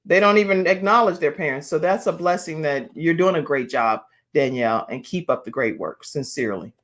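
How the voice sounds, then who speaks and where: Female talk show host, lower-pitched, chatty, upbeat, laughs a lot. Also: expressive, fairly quick. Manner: chatty, laughs often, encouraging. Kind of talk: casual online talk show interview.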